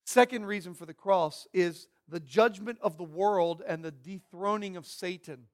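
Male pastor, higher voice, dynamic sermon delivery from hushed to booming. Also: normal speed. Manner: dynamic preaching, swinging from hushed to loud and emphatic.

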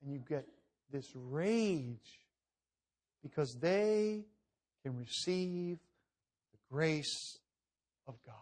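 A middle-aged man preaching a sermon, swinging from loud emphatic reading to hushed, intense asides. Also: high voice, expressive, moderate pace, long pauses. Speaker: pastor.

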